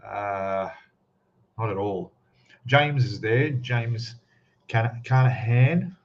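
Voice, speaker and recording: A man's voice: lowish voice, extremely slow. A man hosting a casual live stream, chatting and greeting viewers one by one by name. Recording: slightly dull lo-fi sound.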